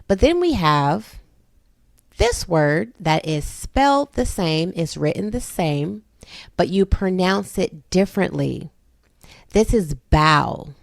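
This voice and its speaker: Homeschool mom, 30s, lower-pitched woman, patient step-by-step phonics teacher, dry close sound. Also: creaky, a little mellow, dry recording. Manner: slow, patient, explaining step by step. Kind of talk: phonics lesson for her children.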